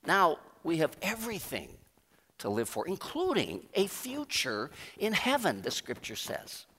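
Emphatic preacher, lively pitch, hall echo. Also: male voice, husky. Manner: emphatic preaching with pauses and repeats. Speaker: pastor. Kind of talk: sermon. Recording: long reverb of a large hall.

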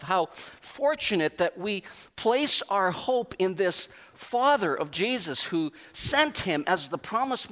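A man preaching a sermon as pastor, emphatic, with pauses and repeated phrases. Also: sits high, fairly bright tone. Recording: long reverb of a large hall.

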